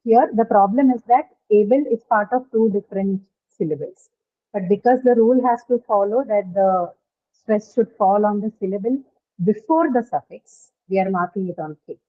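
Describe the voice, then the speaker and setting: A woman teaching an English class over a call, her voice thin and tinny like a phone line. She goes step by step, puts questions to her students and keeps checking whether they follow. Her pitch sits in an ordinary middle range. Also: moderate pace. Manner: patient, questioning, often checks with "right?". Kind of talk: online class lecture on word stress.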